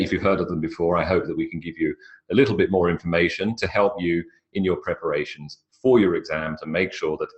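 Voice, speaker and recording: A man giving a live online English pronunciation lecture in a chatty, explanatory way. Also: low-pitched. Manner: chatty, explanatory, stretches words for emphasis.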